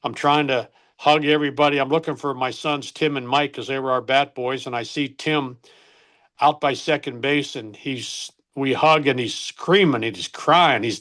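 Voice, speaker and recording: A man's voice: mid-range voice, moderate pace, a bit bright. An older man, a former baseball coach, earnestly telling an emotional personal story in an interview, often stopping to correct himself.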